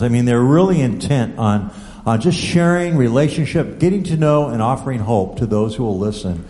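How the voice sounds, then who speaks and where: A man preaching, telling a story in a conversational, animated way with asides to the audience. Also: mid-range voice. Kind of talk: sermon storytelling. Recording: reverberant hall.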